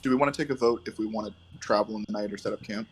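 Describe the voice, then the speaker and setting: A man's voice: fairly low pitch, rapid-fire, breathy edge. A man playing in an online tabletop game, upbeat and chatty. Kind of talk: casual table talk.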